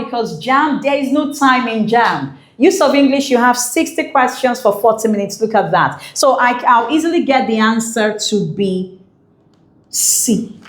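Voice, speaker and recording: Woman teaching in an echoey room. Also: a little high. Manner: explains patiently, with many fillers and repeats. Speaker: English teacher. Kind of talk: exam prep lesson.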